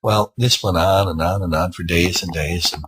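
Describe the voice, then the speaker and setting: A man's voice: sits low, fairly even intonation, normal speed, background noise. A man telling an improvised spooky story in a rambling, conversational way, with asides.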